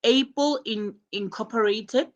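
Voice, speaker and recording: Slow, patient woman teaching English. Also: on the high side. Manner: patient, explains step by step and repeats examples. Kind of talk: live online class instruction.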